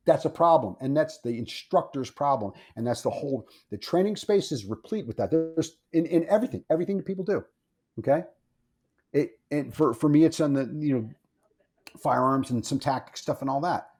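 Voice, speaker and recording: Blunt opinionated guy on a podcast, husky mellow voice, swears a lot, keeps repeating himself. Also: fairly high pitch, animated, brisk. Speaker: firearms instructor, guest. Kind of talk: casual podcast interview.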